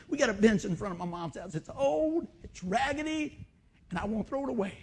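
A middle-aged pastor preaches a sermon in a high-sitting, creaky voice that is darkish in tone and slightly rough. His exhortation is emotional and repetitive, with phrases repeated, call-and-response asides, and constant urging of the congregation.

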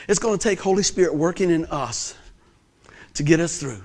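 Male pastor, middle-aged, high-pitched, animated sermon delivery with loud bursts and soft asides. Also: moderate pace. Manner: animated storytelling with laughter and loud peaks.

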